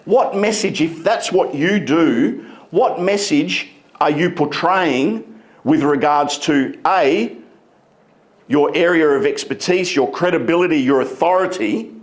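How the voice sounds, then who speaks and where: A man giving a motivational keynote speech on a conference stage, emphatic and deliberate, stretching key words. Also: a little high. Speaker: keynote speaker.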